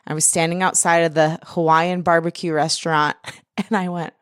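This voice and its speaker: A woman with a lowish voice hosts a podcast interview. She affirms her guest warmly and laughs easily. The recording is dry and close. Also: fairly quick, clean tone, no room sound. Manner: warm, affirming, laughs readily. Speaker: podcast host. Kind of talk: interview conversation.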